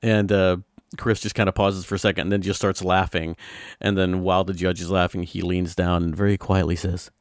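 A man's voice: low voice, little pitch movement, a little fast, no room sound, studio quality. A man co-hosting a casual film podcast, rambling with fillers and chuckles. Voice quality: rambling, laughing, many fillers and restarts. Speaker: podcast co-host. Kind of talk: casual film-review chat.

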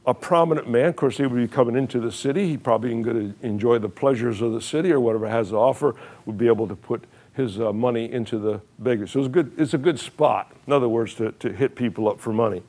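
With a medium-pitched, darkish voice, a male preacher moves at a quick pace and barely pauses. His sermon is folksy and plain, full of emphasis, repeated phrases, questions to the audience, "uh" fillers, and restarts.

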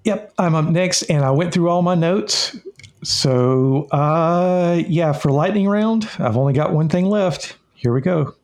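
Slightly high-voiced deliberate male co-host. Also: darkish tone. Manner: deliberate, reads out a prepared analogy. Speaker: podcast co-host and timekeeper. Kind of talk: casual movie review chat.

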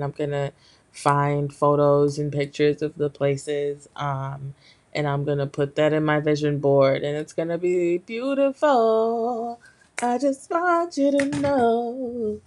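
A young woman hosting a solo podcast, talking candidly in a rambling way with lots of fillers, her voice a bit hoarse from being sick. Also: low-pitched, a little mellow. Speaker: podcast host. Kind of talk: casual solo podcast talk.

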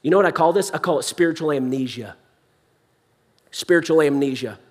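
A man's voice: on the high side, a little fast. A young adult man preaching a sermon in a church hall, impassioned yet conversational.

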